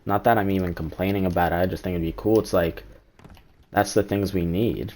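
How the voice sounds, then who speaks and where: A man's voice: deep voice, fairly even intonation, fairly quick, darkish tone. A man streaming a game, rambling through his opinions in casual chat and swearing now and then. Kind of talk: casual live-stream commentary.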